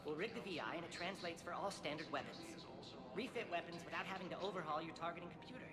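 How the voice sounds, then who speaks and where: An actor playing a hurried male businessman in a video game. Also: on the high side, loud music behind the voice, natural voice. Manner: hurried, fast-talking.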